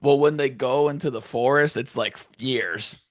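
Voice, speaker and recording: A man's voice: medium pitch, moderate pace, dry recording, clean studio sound. A man co-hosting a casual podcast, laughing often, swearing freely and retelling scenes animatedly. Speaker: podcast co-host. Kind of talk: casual chat.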